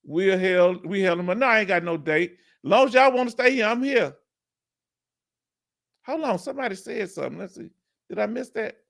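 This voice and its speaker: A man hosting a live stream, chatting casually and asking viewers questions with drawn-out emphasis. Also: high-pitched, expressive, vocal fry, fairly bright tone.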